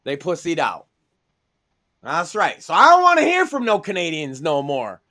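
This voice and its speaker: A man's voice: on the high side, sing-song, measured pace, pushed and bright. A man co-hosting a podcast, brash and profane, mocking people with put-on voices in crude comedic banter. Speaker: podcast co-host.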